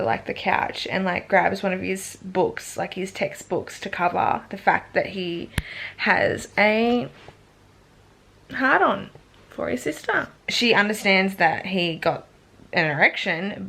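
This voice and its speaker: A young woman chats to camera about a novel, rambling and casual, dropping "like" constantly and cursing without a second thought. Her voice sits a little low for a woman, and she talks loosely and unscripted. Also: creaky, a bit bright. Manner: chatty, fills speech with "like", swears freely. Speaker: book vlogger. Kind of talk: casual vlog chat about a book.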